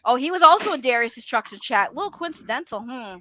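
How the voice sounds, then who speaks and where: A woman chatting casually on a gaming talk show, teasing the others in a playful, excitable way. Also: fairly high pitch, a little fast, no room sound, muffled recording. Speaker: panelist on a gaming chat show. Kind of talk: casual chat.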